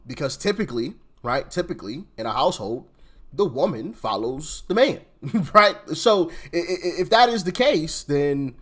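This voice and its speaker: A man hosting a reaction commentary channel, talking casually and rambling, often repeating words and restarting sentences. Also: medium pitch.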